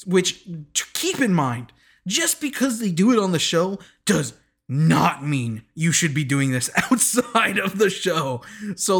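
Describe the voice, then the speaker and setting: A young man hosting a casual recap of a dating show, rambling with many "like"s and stammered restarts. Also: on the high side.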